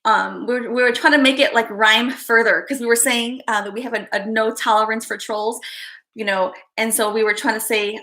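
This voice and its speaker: A giggly, bright-voiced woman hosts a casual livestream, reading viewer comments and often laughing or slipping into soft asides. Her voice is a little high and steady in tone, and she talks briskly.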